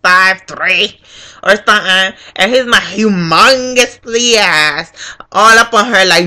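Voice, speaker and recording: A woman's voice: medium pitch, moderate pace, pushed and bright. A young woman telling a profane storytime rant as a vlogger, acting out the people in her story. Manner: profane, acts out every voice in the story.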